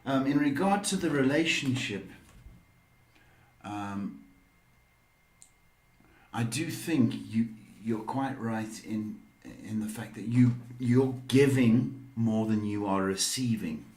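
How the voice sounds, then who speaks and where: A man's voice: medium pitch, takes it slowly, pauses often, a little mellow, reverberant. A man giving psychic readings on a live stream, talking with many hesitant ums. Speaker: psychic reader.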